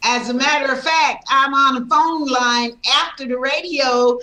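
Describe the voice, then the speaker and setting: Bright-voiced woman from Georgia, echoey. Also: high voice, measured pace. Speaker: co-host. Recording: echoey room sound.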